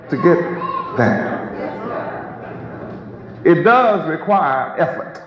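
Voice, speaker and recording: Emphatic preacher man in an echoey hall. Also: high-pitched. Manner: emphatic, repetitive, rhetorical questioning. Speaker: preacher and teacher. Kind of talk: sermon. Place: hall with a live congregation. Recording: echoey, dull lo-fi recording with crowd.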